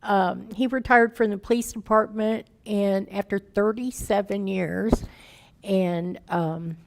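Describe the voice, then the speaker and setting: A woman's voice: mid-range voice, fairly even intonation, takes it slowly, creaky. A woman in her fifties, a guest speaker telling her recovery story in candid, plain-spoken, folksy words, emotional and raw. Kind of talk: personal recovery testimony.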